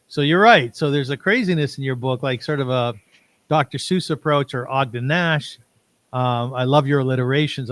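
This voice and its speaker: A man hosting an interview podcast, asking long eager questions and quoting from a book. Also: medium pitch. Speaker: podcast host.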